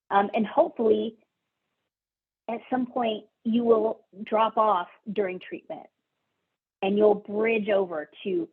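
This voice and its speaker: Woman doing a webinar talk, kinda husky, chatty with lots of ums, tinny phone sound. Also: mid-range voice, unhurried. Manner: warm, conversational, with fillers and soft laughs. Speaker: social worker presenting a webinar. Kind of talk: webinar presentation.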